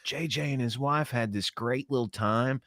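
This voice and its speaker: A man's voice: mid-range voice, moderate pace, fairly bright tone, no room sound, studio quality. A man co-hosting a podcast, grumpy and blunt, tired from little sleep, and swearing freely in casual chat. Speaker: podcast co-host.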